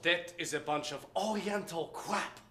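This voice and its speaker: A man's voice: high voice, unhurried, bright, forceful tone, a little hiss or hum. An actor playing a blunt, bullying male thug with a German accent.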